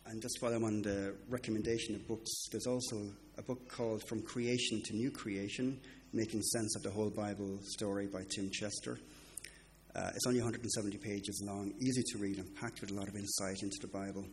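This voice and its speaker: A man with a fairly low voice preaches with earnest emphasis, slowing down for his key points and speeding through his asides. The delivery is steady and measured, like a teaching sermon. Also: slight background noise. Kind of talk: sermon with book recommendations.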